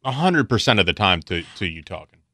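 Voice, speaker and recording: A male radio co-host with a bright, forward voice, bantering drily. His pitch jumps around a lot, heard dry and close at the studio mic. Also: sing-song, brisk, dry recording. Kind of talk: casual radio chat.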